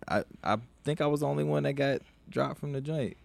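A man's voice: fairly high pitch, a little fast, creaky, dry recording. A young man co-hosting a podcast, telling a profane, laid-back story with frequent laughter. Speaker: podcast co-host. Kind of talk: casual storytelling chat.

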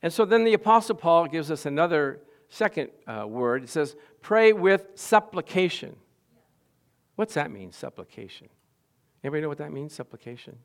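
Animated man preaching a sermon. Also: fairly high pitch, normal speed. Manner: animated preaching, swinging from quiet to loud, asks the congregation questions. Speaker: pastor.

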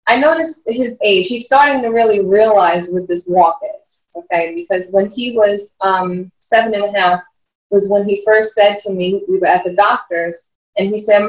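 A woman, a mother and life coach, telling stories in an interview, animated and often laughing as she acts out what others said. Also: medium pitch, normal speed. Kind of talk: storytelling interview chat. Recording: roomy, distant, dull lo-fi sound.

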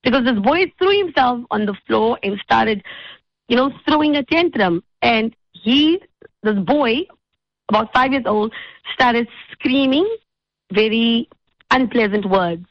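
Lively woman radio host telling stories. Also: on the high side, a little slow, no room sound, dull audio. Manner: animated storytelling with acted quotes. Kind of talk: radio talk show monologue.

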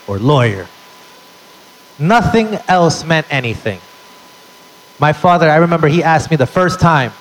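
A young man performs a stand-up comedy set at a live show venue, telling brash, punchy, profane stories to the audience. His voice is a little high, and the recording is low-quality.

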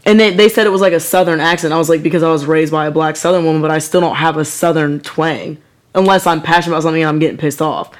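A woman's voice: low-pitched, very fast. A woman co-hosting a podcast, chatting casually, swearing a lot and doing voices when she tells stories. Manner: swearing, animated storytelling with put-on voices. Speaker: podcast co-host. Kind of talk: casual chat.

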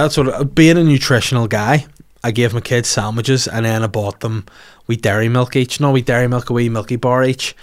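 A man in his thirties with a Northern Irish accent, a comedian hosting a podcast, telling animated comic stories with some swearing. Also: mid-range voice. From Northern Ireland. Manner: animated, swearing, acts out voices in quotes. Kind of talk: comic storytelling.

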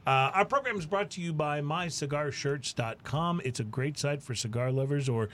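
A man hosting a casual talk show, chatting in a relaxed, easygoing way. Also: fairly high pitch, moderate pace, slight background noise. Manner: relaxed, chatty, hesitant restarts. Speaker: podcast host. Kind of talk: casual chat.

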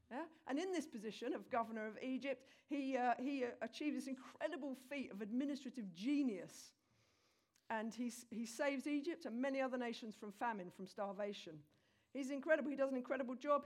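Her voice high-pitched, a woman delivers a sermon, recounting a Bible story with lively, chatty energy while addressing her listeners directly.

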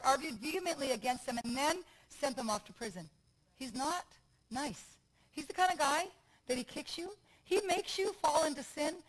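A woman's voice: high voice, breathy edge, poor audio. Emphatic woman preaching a sermon. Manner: emphatic, repetitive call-and-response preaching. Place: church.

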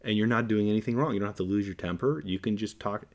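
A man with a fairly low voice speaks as a podcast guest. He talks in an earnest, preachy way, hammering points home by repeating them. He slips into quoted lines to act out conversations. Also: fast. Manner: repeats phrases for emphasis. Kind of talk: casual podcast discussion.

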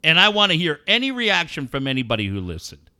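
A man hosting a radio show, telling a story in loud, mocking, profanity-laced banter. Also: fairly high pitch, quick pace. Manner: loud, mocking, animated storyteller who swears a lot.

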